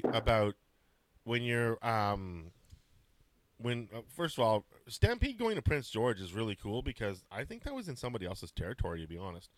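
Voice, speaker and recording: A man's voice: lowish voice, big pitch swings, normal speed, slight background noise. A man hosting a podcast, introducing a guest and asking questions in hesitant casual chat. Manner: hesitant, many fillers. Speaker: podcast host. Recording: dry close sound.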